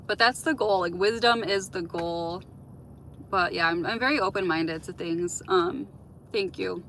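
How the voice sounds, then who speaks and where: A woman's voice: fairly low pitch, unhurried, a bit bright, a little hiss or hum, low-quality recording. A woman hosting a casual livestream, chatting with viewers and answering their comments with lots of "like" and "um". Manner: chatty, heavy use of "like" and "um"; open, reflective advice-giving. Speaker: livestream host.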